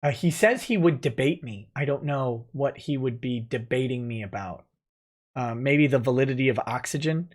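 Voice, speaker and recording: A man's voice: mid-range voice, normal speed. A man, a lawyer hosting a late-night livestream, reading viewer comments aloud and joking about them in a casual, wry way.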